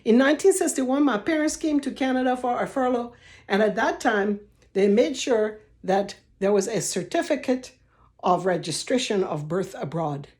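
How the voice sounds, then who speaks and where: Woman, 60s, Liberian English accent, chatty home-office vlogger, frequent laughs, slightly higher pitch. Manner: laughs often, warm and expressive. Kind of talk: casual storytelling to camera.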